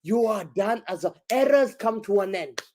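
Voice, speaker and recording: A man with an unusually high, bright-toned voice talks football on a live stream, gleeful and mocking as he rips into a rival club. He drops street slang, laughs at his own jokes, and talks over a desk microphone on a video call. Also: lively intonation, moderate pace. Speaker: guest pundit.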